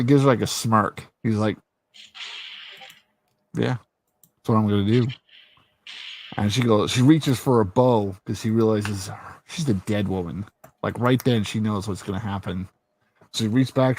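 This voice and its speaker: A man whose voice is on the low side hosts a casual chat, with slight background noise present. He tells stories animatedly, retelling scenes with lots of swearing and frequent laughs.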